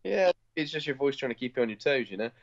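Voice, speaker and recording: A man's voice: medium pitch, expressive, quick pace, lo-fi sound. A man with a Bristol accent co-hosting a podcast, rambling and teasing in casual chat. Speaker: podcast co-host.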